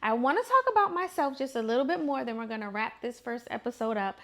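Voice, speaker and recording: A woman's voice: on the high side, lively intonation, fast, a bit bright. A woman in her thirties hosting her own vlog, talking through her opinions in a chatty, emphatic way and repeating phrases for effect. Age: 30s. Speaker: vlog host. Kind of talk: casual opinionated monologue.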